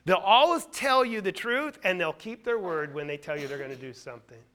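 A man preaching a sermon in a high, lively voice that climbs and dips widely. He presses home his points with rhetorical questions. He swings from loud, stressed lines to near-hushed asides. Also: brisk. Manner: emphatic, asks rhetorical questions.

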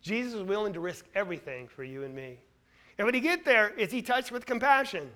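A man preaching a sermon, emphatic and full of rhetorical questions, swinging between loud stressed lines and quiet asides. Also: high voice, lively intonation, brisk.

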